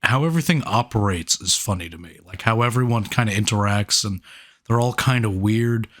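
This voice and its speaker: A man's voice: on the low side, brisk, a bit bright. A man co-hosting a movie review podcast, chatting casually, swearing often and giving blunt opinions. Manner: laid-back, swears a lot, blunt opinions. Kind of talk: casual chat.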